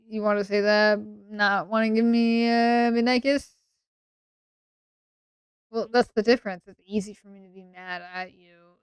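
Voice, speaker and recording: A woman's voice: medium pitch, clean tone, no echo. A woman streamer chatting casually late at night, sleepy, rambling and playfully teasing her chat.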